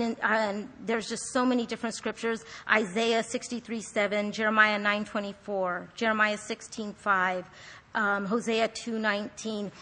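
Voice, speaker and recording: A woman with a somewhat high voice gives a chatty, earnest devotional talk, often restarting her sentences as she teaches. She reads scripture verses between personal asides. Her voice trails off into a long reverb, as in a large hall. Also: fairly bright tone. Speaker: Bible study teacher.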